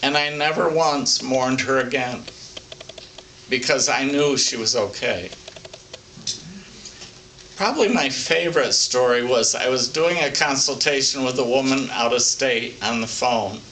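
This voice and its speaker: An older man speaking as a psychic medium, telling stories from his life in a plainspoken, folksy, unhurried way for an oral history. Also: medium pitch, bright, forceful tone. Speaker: psychic medium recounting readings. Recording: distant mic with faint background hiss.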